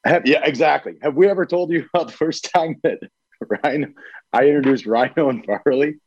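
A man's voice: fairly high pitch, a little fast, darkish tone, slightly rough, no echo, dull audio. A man on a podcast telling a story in casual chat, laughing along. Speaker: podcast co-host.

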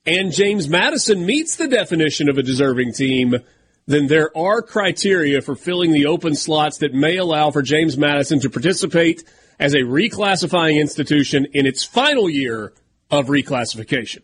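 Southern male sports radio host, slightly high voice, reads rulings aloud then talks them over casually. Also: lively intonation, moderate pace, fairly bright tone, a little hiss or hum. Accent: Southern American. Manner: reads documents aloud, then riffs conversationally.

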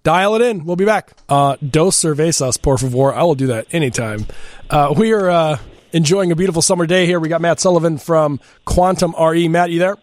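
A man's voice: on the high side, a little fast. A man hosting a radio talk show, chatting casually and laughing easily.

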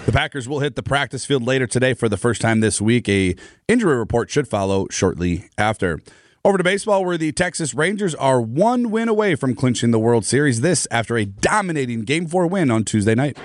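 Man, sports newsreader, brisk, dry studio sound. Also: mid-range voice, dry recording. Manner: brisk, steady newsreader delivery. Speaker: radio sports anchor. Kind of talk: scripted sports news reading.

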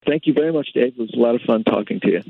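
A guitarist being interviewed, speaking thoughtfully with many fillers over a phone line. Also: male voice, medium pitch, rapid-fire, vocal fry, no room sound. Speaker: guitarist guest.

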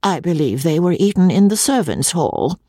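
A man's voice: sits high, expressive, unhurried, a little mellow, no echo, clean studio sound, pitched above the performer's own voice, full character voice. A man voicing a meek, tearful elderly lady of the house, speaking humbly and anxiously.

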